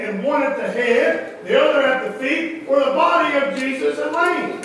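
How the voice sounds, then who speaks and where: A middle-aged man preaching a sermon in a church, calling for amens and swinging from loud to soft. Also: very high voice, animated, normal speed. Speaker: pastor. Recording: echoey hall from a distance with noise.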